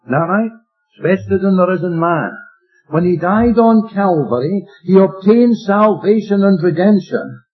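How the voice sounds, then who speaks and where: A man's voice: high voice, unhurried, slightly rough. A man preaching an expository Bible teaching, emphatic and plain-spoken, asking his listeners rhetorical questions. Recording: dull lo-fi recording with faint music.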